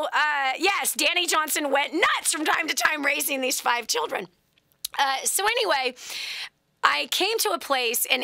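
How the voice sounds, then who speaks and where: Bright high-voiced woman hosting advice talk. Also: creaky, no room sound, clean studio sound. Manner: animated storyteller, dramatic swings to hushed whispers. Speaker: host.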